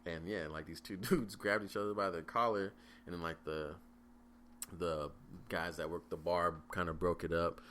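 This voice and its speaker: A man's voice: low-pitched, steady tone, moderate pace, fairly bright tone, a little hiss or hum. A man in his twenties hosting a casual solo podcast, telling stories in a rambling, profane way full of fillers and restarts. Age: 20s. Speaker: podcast host.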